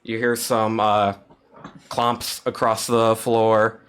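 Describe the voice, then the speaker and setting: A man's voice: lowish voice, monotone, takes it slowly, a bit bright, clear, resonant tone. A man running a tabletop game as game master, narrating casually with many fillers and restarts.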